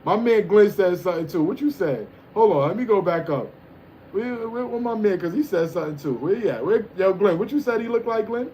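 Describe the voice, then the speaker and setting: A man's voice: high voice, animated, fairly quick, mellow, a little hiss or hum. A man hosting a livestream, reading the chat and joking around in loose, teasing banter. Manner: loose, teasing banter with frequent "you know what I'm saying".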